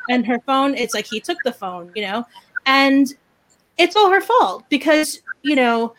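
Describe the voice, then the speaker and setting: A woman chatting casually as a podcast host, ranting in an animated, opinionated way. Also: high-pitched, unhurried, slight background noise. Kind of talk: casual chat.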